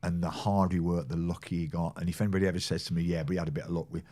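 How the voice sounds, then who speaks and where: A man in his sixties with a very low, deep voice spins stories as a podcast guest. He slips into the voices of the people in his tales and laughs along as he goes. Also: flat delivery, racing, dark tone. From England. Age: 60s. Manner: storyteller who acts out quoted people, laughing often. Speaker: guest, former football physio. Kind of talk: casual anecdotal chat.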